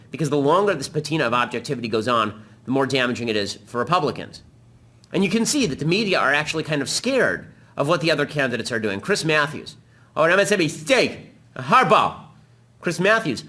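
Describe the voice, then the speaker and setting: A man hosting a political talk show, delivering a combative, rapid-fire commentary monologue. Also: mid-range voice, bright, forceful tone.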